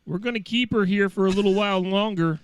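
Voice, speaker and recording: A man's voice: high-pitched, fast talker, smooth, dry recording, pitched above the performer's own voice, natural voice. A man voicing a Canadian police officer quoted in a news story, in a put-on Upper Midwest US accent. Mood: folksy.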